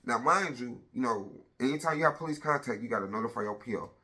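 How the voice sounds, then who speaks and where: A man's voice: mid-range voice, expressive, fast talker, sharp tone. A man in his thirties telling a personal story on a casual vlog, blunt and profane, retelling it with lots of energy.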